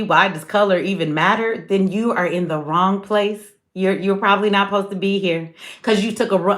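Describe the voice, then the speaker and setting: A woman's voice: mid-range voice, fairly bright tone. A woman hosting a casual livestream, blunt, sarcastic and profane, talking straight to her chat. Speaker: livestream host.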